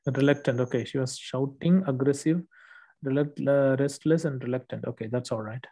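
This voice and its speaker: Patient male tutor, dark mellow tone. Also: medium pitch, moderate pace. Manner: patient, explanatory, frequent "okay" checks. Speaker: English test tutor. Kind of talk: one-on-one correction lesson.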